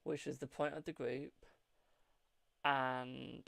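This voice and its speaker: Casual live-stream tarot host, gravelly mid-pitched voice, dry close sound, loose and chatty with viewers. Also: flat delivery, slow pace, a bit bright, no room sound. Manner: chatty, fills with "like", calls viewers darling and Boo; yawning, low-key.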